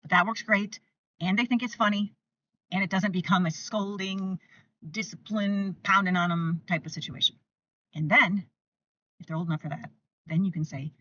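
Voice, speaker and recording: An older woman hosting parenting advice to camera, emphatic and repetitive, sometimes acting out gentle lines she would say to a toddler. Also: medium pitch, steady tone, normal speed, long pauses, distant mic, lo-fi sound.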